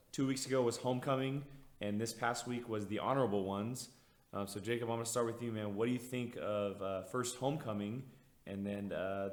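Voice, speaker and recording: A man hosts a relaxed podcast conversation and steers it from one topic to the next with keen enthusiasm. His voice sits a little low, and the recording carries a roomy echo. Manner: enthusiastic, leads the segments. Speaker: podcast host. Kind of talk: casual podcast chat.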